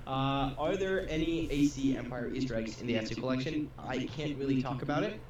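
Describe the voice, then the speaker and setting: A man's voice: medium pitch, a little mellow, highs cut off. Norwegian man on a distant, echoey mic. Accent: Norwegian-tinged English. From Norway. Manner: halting, answers viewer questions with many pauses. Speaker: co-host guest. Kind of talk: casual livestream chat. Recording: distant, roomy, noisy mic.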